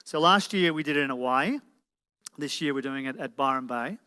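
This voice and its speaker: A man speaks at medium pitch and a moderate pace, his tone sharp, clear and resonant. He's a motivational speaker presenting live to an audience in an event hall, firing rhetorical questions at them. The recording carries the hall's reverb.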